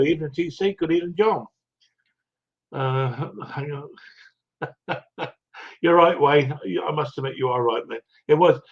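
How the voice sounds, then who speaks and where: A man's voice: a little high, muffled recording. An older man hosting a livestream, greeting viewers one by one in rambling, self-mocking casual chat with frequent chuckles. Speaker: livestream host.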